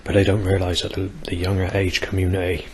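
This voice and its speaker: A man's voice: sits low, completely flat delivery, fast, low-quality recording. A man in his forties rambling hesitantly through a video diary, full of ums and restarts. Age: 40s. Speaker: vlogger. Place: outdoors near a busy bus station.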